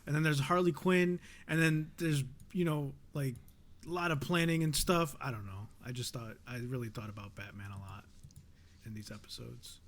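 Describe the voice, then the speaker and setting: A man's voice: mid-range voice, fairly even intonation, normal speed. A man co-hosting a casual podcast, rambling his opinions with many fillers and trailing off. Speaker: podcast co-host.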